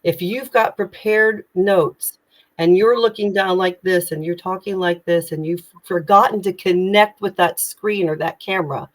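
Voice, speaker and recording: A woman's voice: fairly low pitch, a little slow. A woman communication coach giving tips in a live online session, speaking with energy, urgency and emphatic projection.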